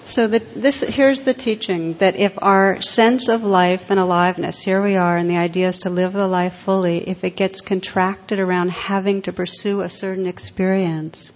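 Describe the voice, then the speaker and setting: A woman meditation teacher giving a gentle, reflective dharma talk with light humor to an audience. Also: medium pitch, fairly even intonation, normal speed, few pauses. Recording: dull echoey hall.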